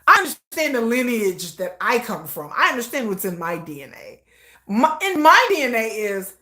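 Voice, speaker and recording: A woman's voice: a little high, very animated, fairly quick, pushed and bright. A woman streamer in a comedic live monologue, playfully acting out imagined scenes. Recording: echoey room.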